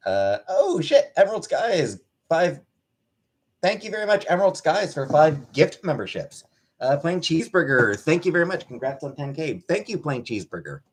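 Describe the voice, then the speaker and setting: A man's voice: fairly high pitch, sing-song, normal speed, breathy edge. A man hosts a laid-back livestream from his home, reading out chat messages and thanking viewers one by one. His voice swings up and down a lot as he talks, and he rambles loosely from one comment to the next. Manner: rambling, thanks chatters by name, baby-talks to his pet. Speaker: livestream host.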